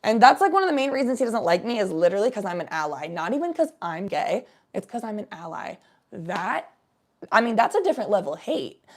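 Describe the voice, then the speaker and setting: Woman from cincinnati, casual storytelling, blunt, swears a lot, quick asides. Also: mid-range voice, sing-song. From Cincinnati, USA.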